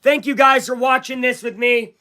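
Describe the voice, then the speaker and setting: Young male streamer, live play-by-play, bright, forceful voice, talks right to his viewers. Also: extremely high pitch, steady tone, normal speed. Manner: hyped, talks straight to viewers. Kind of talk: excited live fan commentary.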